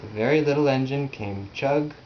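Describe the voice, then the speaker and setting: A man patiently reading a picture book aloud to a child at home, gently prompting along. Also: mid-range voice, normal speed, dull audio, a little hiss or hum. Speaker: reader.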